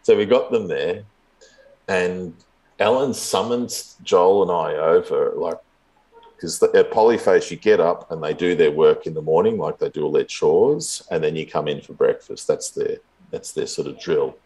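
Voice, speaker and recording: A man's voice: deep voice, normal speed, darkish tone. A man in his fifties telling a long story in a casual, rambling way, chuckling often as a guest in an interview. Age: 50s.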